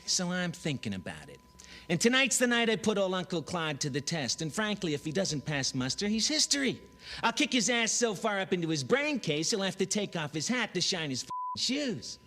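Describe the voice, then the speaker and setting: A man's voice: sits high, very animated, normal speed, bright, forceful tone, pitched above the performer's own voice, exaggerated voice. A man playing a brash, slangy, foul-mouthed modern take on a brooding young prince in a comic audition monologue. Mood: threatening. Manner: brash, cocky, profane street talk.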